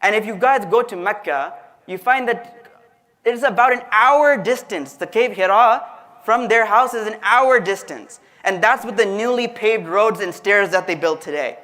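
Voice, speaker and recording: Man, religious lecturer, high voice, conversational storytelling sermon, talks to the audience. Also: normal speed, bright, forceful tone. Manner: conversational, addresses the audience directly, acts out quotes.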